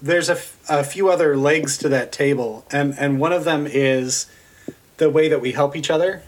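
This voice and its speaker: A man's voice: a little high, moderate pace. Man, podcast host, earnest, rambling with restarts, casual talk. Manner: earnest, thinks aloud with many fillers and restarts. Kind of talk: casual political discussion.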